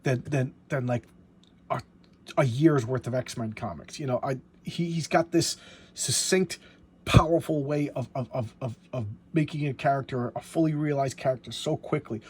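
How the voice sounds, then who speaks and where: A man reviewing a comic book in casual talk, halting and repeating words as he enthusiastically walks through the story. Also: medium pitch, breathy edge.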